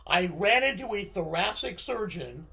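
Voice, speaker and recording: A middle-aged man with a high, gravelly, scratchy voice talks straight to his viewers from home. He rambles from one thought to the next, stumbling over repeated words and cutting himself off mid-sentence. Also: lively intonation, moderate pace, sharp tone. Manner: digressive, stammering, self-interrupting. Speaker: vlogger. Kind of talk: rambling casual monologue.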